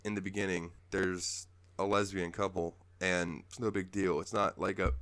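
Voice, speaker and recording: A man's voice: sits low, fairly even intonation, normal speed, fairly bright tone, dry recording. A man hosting a casual podcast, telling stories animatedly and slipping into character voices. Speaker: podcast host. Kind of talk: casual chat.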